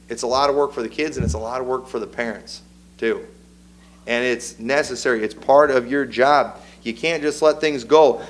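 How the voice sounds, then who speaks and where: A man's voice: medium pitch, poor audio. A middle-aged man, preaching a sermon in a folksy, conversational way and reading scripture aloud. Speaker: pastor.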